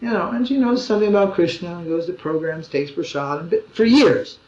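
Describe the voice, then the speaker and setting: High-voiced man giving a roomy talk. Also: a little fast, a little mellow. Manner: conversational storytelling with wry humor. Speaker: swami giving a spiritual talk. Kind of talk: informal religious discourse with anecdotes. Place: gathering in a room. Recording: roomy dull lo-fi 2001 recording.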